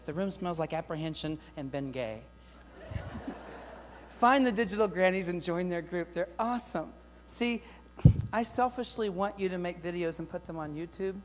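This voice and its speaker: In a lively conference keynote for teachers, an energetic man jokes and speaks directly to his listeners. His pitch is fairly high, his speed normal, and the reverberant hall gives long reverb with a faint mains hum underneath.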